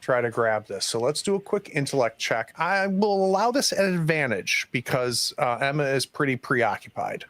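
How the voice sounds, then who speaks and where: Relaxed man running a tabletop game. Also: mid-range voice, normal speed, hardly any pauses, dry recording. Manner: relaxed, hesitant with many fillers. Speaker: game master.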